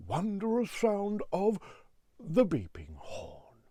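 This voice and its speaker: A man doing a whispered role-play of a wildlife documentary narrator, slow and awed. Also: high-pitched, wildly swooping pitch, warm tone, no echo, studio quality, pitched above the performer's own voice, exaggerated voice. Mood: hushed.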